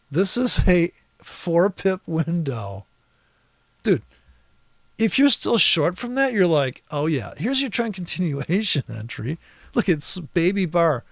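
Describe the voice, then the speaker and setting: A man with a somewhat high, gravelly voice talks through a price chart on a screen recording. He is exasperated and sarcastic, swears freely and rambles through restarts and asides. The sound is dry and close. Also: fairly bright tone, no room sound.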